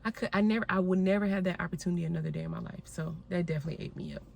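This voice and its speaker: A young woman recounting a hard personal experience in a candid, unscripted storytime, talking straight to her viewers. Her voice sits on the low side for a woman, and she speaks as if chatting with friends. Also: very fast, vocal fry, darkish tone. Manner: candid, conversational, addresses viewers as y'all. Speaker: vlogger.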